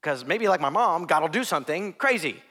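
Animated pastor preaching in a reverberant hall. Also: male voice, fairly high pitch, a little fast. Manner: animated storytelling, acts out voices, swings from hushed to loud. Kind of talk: sermon.

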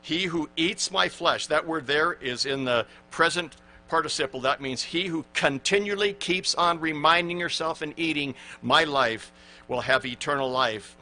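A man's voice: on the high side, moderate pace, bright, forceful tone. A man in his sixties, a pastor giving an earnest, emphatic sermon and reading out scripture.

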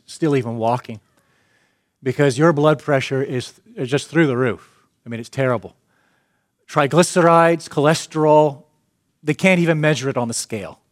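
A man preaching a sermon, telling a story and building to loud, emphatic peaks. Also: fairly high pitch, no echo, studio quality. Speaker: pastor.

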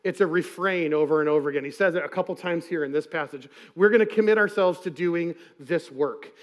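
A man's voice: on the high side, brisk. A man preaching a sermon as pastor, conversational and earnest, acting out quoted asides.

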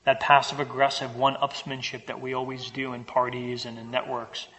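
A man's voice: medium pitch, completely flat delivery, normal speed, a bit bright, in a large hall, low-quality recording. A man preaching a sermon, talking to the congregation in a conversational way and asking them rhetorical questions. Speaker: pastor.

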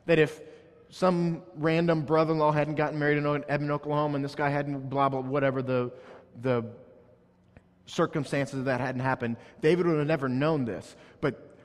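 A man's voice: on the high side, steady tone, normal speed. Man preaching a story in a reverberant hall. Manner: storytelling, building to emphatic peaks. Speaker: pastor. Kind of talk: sermon.

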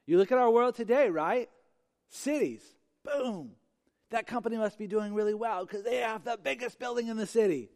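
A man's voice: high-pitched, normal speed, a little mellow. A male pastor preaching a sermon, emphatic and repeating phrases for effect. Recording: long hall reverb.

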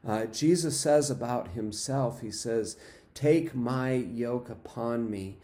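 A man preaching a sermon, unhurried, with fillers and repeated phrases. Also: medium pitch, dark tone. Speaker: pastor.

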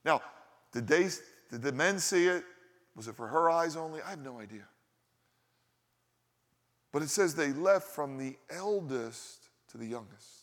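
A man's voice: fairly high pitch, animated, a little slow, long pauses, fairly bright tone. Preacher man in a reverberant hall. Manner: conversational preaching with rhetorical questions. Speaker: pastor. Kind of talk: sermon.

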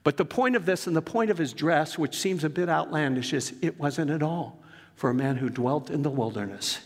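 A man's voice: a little high, moderate pace, in a large hall. A male pastor delivering a sermon in an earnest, emphatic way, mixing scripture with personal stories. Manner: earnest, emphatic preaching with storytelling asides.

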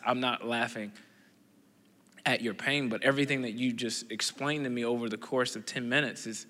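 A man's voice: mid-range voice, pushed and bright. A man preaching, telling a story with acted-out dialogue, often stammering and repeating words as he builds. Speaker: pastor. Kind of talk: sermon storytelling. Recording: long hall reverb.

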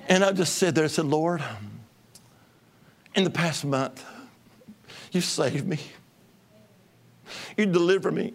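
A man from Alabama preaching his testimony as an evangelist, exuberant, shouting and breaking into tongues. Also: high-pitched, gravelly. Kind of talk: testimony sermon.

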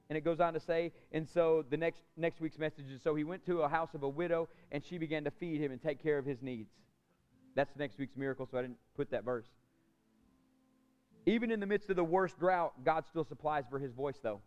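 A man delivers a sermon from the pulpit, his voice sitting high for a man. He presses hard on key lines, then sinks to a near-whisper. The recording is dull and lo-fi, with a muffled top end. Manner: impassioned preaching, swinging from loud emphasis to soft near-whisper. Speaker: pastor.

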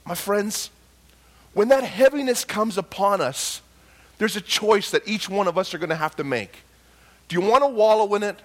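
High-pitched man, middle-aged, pastor, emotional sermon, hushed to loud. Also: lively intonation, moderate pace.

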